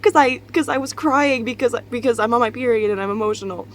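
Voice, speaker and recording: Speaking at a quick pace in a voice on the high side, a young vlogger sits in her bedroom at home, tired and freshly out of bed. She rambles openly in a casual confessional style, laughing and cursing a lot, with a little hiss or hum on the recording.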